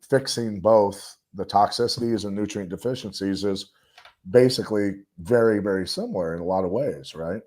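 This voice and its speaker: Podcast guest, male, low register, rambling emphatic talker. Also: normal speed, darkish tone. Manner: rambling, emphatic storytelling with many fillers. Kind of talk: casual podcast discussion.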